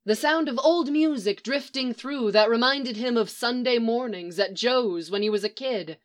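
A woman narrating a piece of fiction in a steady storytelling read. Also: a little high, normal speed. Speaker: reader.

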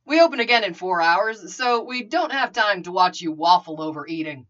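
A woman's voice: fairly low pitch, lively intonation, normal speed, fairly bright tone, muffled recording. A woman voicing an easygoing young man with a dry, teasing manner.

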